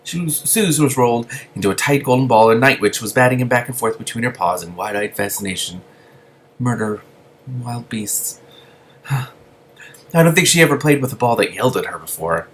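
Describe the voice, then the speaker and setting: Low-voiced man reading a novel aloud. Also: fairly bright tone, a little hiss or hum. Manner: gushing asides between reading. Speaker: reader.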